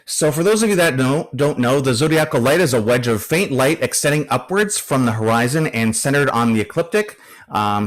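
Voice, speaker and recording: A man's voice: mid-range voice, a bit bright. A man presenting at an astronomy club meeting, reading through notes with frequent fillers and a few dry joking asides. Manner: hesitant, many fillers.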